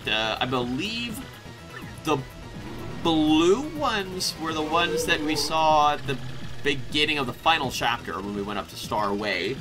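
A man hosting a casual let's play, rambling and excitable, often breaking into laughter. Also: on the high side, measured pace, over music. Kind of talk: casual gameplay commentary.

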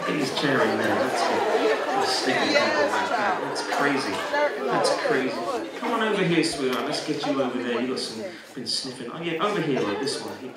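A man working as a stage hypnotist in a live show, giving calm suggestions to volunteers and breaking into loud playful commands. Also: mid-range voice. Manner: soothing commands switching to loud playful outbursts. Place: large hall with a live audience. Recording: echoey hall from far off, audience noise. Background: laughing audience.

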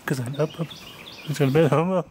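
A man's voice: a little high, racing, a little mellow, slight background noise. A young man filming his cat at home, chatting casually and coaxing it in a raised voice, recorded on a handheld camera. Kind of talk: casual home video commentary. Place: family home indoors.

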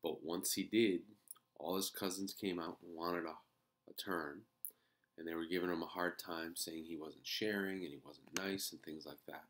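Very deep-voiced woman reading a storybook. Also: moderate pace. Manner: expressive, lively storybook reading. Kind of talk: reading a children's book aloud.

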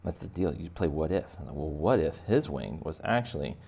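Gravelly-voiced man teaching kids to draw. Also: extremely low pitch, expressive, moderate pace, dark tone. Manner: playful, chatty, talks to children directly. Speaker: art teacher. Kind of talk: step-by-step drawing lesson for kids.

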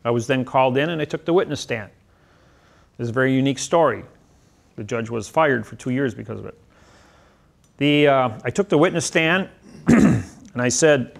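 A man's voice: medium pitch, lively intonation, normal speed, gravelly, pauses often. A man telling a personal story in a casual lecture, hesitant and full of restarts.

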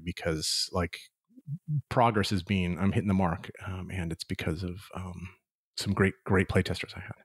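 Low-voiced laid-back man on a podcast. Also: dry recording, studio quality. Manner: relaxed, halting with fillers. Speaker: podcast co-host. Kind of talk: casual chat.

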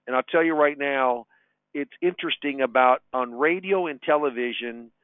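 A man's voice: medium pitch, normal speed, no room sound. A man from Nebraska, a financial advisor, chatting on a webinar in an upbeat way, repeating words as he goes. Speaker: financial advisor and radio show host. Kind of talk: casual webinar talk. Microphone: phone line. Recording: tinny phone-line audio, dry.

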